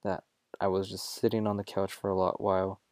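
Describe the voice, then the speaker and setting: A young man with a fairly low voice hosts his own show, casually telling a personal story at a slightly fast pace. He jokes, gets animated, and often stops to correct himself. The recording is dry and close, with no room echo.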